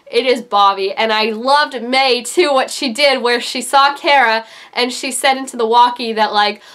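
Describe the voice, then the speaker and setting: A young adult woman giving an excited, gushing recap of a TV episode, her voice leaping up for emphasis. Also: moderate pace. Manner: animated and gushing, jumps high for emphasis. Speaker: TV reaction vlogger.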